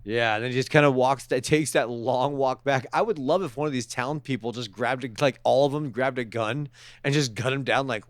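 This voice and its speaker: A man co-hosting a casual podcast, joking and swearing, who keeps slipping into quick character voices. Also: mid-range voice, no echo. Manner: jokey, profane, puts on quick character voices. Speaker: podcast co-host.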